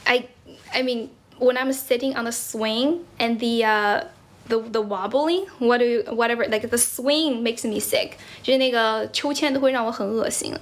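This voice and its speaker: Squatting indoors on a livestream, a young Chinese woman chats casually in a mix of English and Chinese. Her voice is slightly high and her pace moderate, and she laughs a lot while repeatedly thanking viewers for their gifts.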